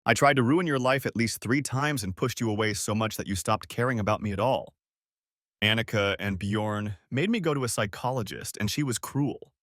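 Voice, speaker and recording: A man's voice: lowish voice, moderate pace, fairly bright tone, no room sound, clean studio sound, close to an everyday voice. A man voicing a remorseful ex-wife who reads out her pleading letter in an earnest, apologetic way.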